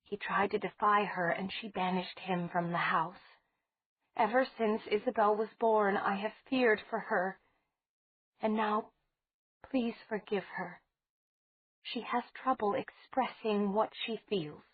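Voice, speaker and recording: A woman's voice: medium pitch, fairly even intonation, takes it slowly, breathy edge, no room sound, pitched above the performer's own voice. A woman narrator voicing an older mother from an old priestess family, earnest and confiding. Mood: worried. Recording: tinny phone-like sound.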